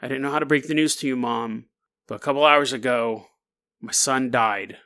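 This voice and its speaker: A man doing a deadpan, evasive young mom. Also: sits low, moderate pace, voice pushed down. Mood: offhand deadpan. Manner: deadpan, offhand. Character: flat, evasive young mother.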